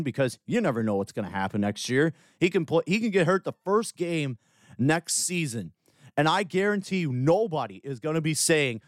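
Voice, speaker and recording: A man's voice: fairly high pitch, no room sound, clean studio sound. A young man hosting a solo sports podcast, ranting bluntly and profanely with lots of "like.". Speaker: podcast host.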